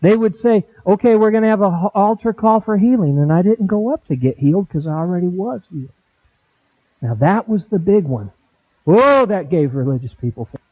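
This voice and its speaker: A middle-aged pastor preaching a sermon, animated, acting out quoted conversations with big swings in voice. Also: male voice, high voice, moderate pace, no room sound. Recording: dry, tinny phone-like sound.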